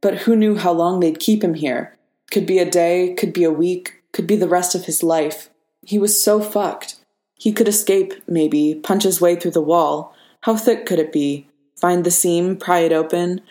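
A woman narrates a story aloud. Her voice is low and steady with expressive turns. The room gives it a clear echo. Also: moderate pace. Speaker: reader. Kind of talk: audiobook narration. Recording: echoey room.

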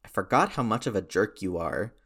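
A man's voice: on the low side, expressive, a little fast, a bit bright, husky. A man doing an earnest old-fashioned soldier.

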